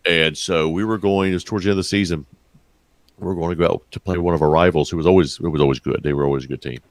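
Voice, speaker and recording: A man's voice: low voice, steady tone, very fast, dry recording. A man being interviewed as a writer, speaking in short, to-the-point remarks in a casual chat. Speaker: guest writer.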